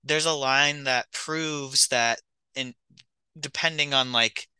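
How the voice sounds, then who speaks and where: A man's voice: medium pitch, fairly even intonation, slow, pushed and bright, smooth, no echo, low-quality recording. A man co-hosting a film podcast in casual chat, enthusiastic and easygoing. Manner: enthusiastic, easygoing, laughs often. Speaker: podcast co-host.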